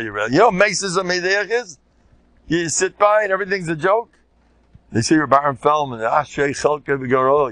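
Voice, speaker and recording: An older man with an American Orthodox Jewish English accent, a rabbi telling stories in an informal Torah class and bursting into loud shouted quotes. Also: mid-range voice, dry recording. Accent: American Orthodox Jewish English with Yiddish words. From United States.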